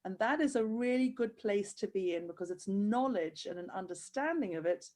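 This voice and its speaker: A woman's voice: mid-range voice, animated, normal speed, a little mellow. A woman hosting a video-call interview, tearful and gushing with praise for her guest. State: crying. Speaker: host of handwriting program.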